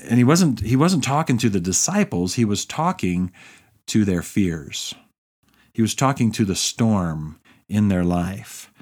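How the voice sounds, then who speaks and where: Male pastor, lower register, casual pulpit delivery, slips into voicing prayers. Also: lively intonation, a little slow, darkish tone, husky. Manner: conversational preaching, acts out quoted prayers. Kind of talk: sermon.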